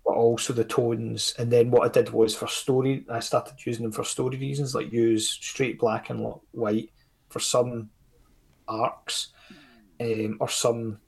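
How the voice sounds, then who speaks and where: A Scottish man talks shop on a podcast in a gravelly voice with a husky edge. He rambles and restarts, full of "um"s and offhand swearing, and he is hard on his own work. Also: medium pitch, level tone, measured pace. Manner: rambling and self-critical, with many fillers and casual swearing. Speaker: comics creator guest. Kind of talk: casual podcast chat.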